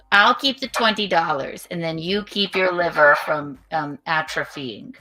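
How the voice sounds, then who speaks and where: A woman's voice: low voice, a little slow, bright, forceful tone, no echo. A woman hosting a casual livestream, chatting and playfully reading out viewer donations. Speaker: livestream host.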